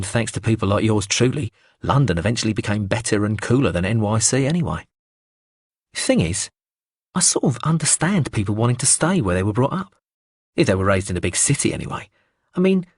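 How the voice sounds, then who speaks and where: A man's voice: on the low side, big pitch swings, brisk, husky, no echo, studio quality, full character voice. A man reading as a swaggering sweary hustler. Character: cocky, foul-mouthed northern-born male hustler in London. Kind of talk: audiobook character reading.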